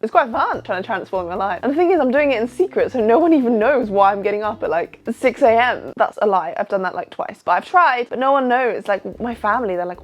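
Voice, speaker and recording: The audio is dull, and the woman's voice runs on the high side, fairly quick and lively, with hardly any pauses. She's a British vlogger in her twenties, tired from not sleeping much, chatting to camera in a casual, self-mocking way and jumping from one topic to another.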